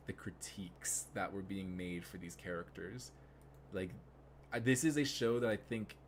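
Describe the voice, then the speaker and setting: A man's voice: lowish voice, a little hiss or hum. A young man streaming live, rambling casually with many fillers and restarts.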